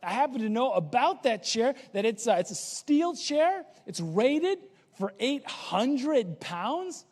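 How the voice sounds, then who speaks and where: A man's voice: extremely high pitch, very animated, slow pace, few pauses, darkish tone, big-room sound, heavily acted. A man preaching a sermon, voicing a cautious, clever man who politely refuses to sit in a chair. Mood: matter-of-fact.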